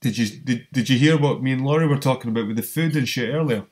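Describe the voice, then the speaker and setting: A man with a Scottish accent, hosting a casual online hangout from his council flat, blunt and sweary, calling people man and mate. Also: mid-range voice, fast. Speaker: host. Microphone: video call.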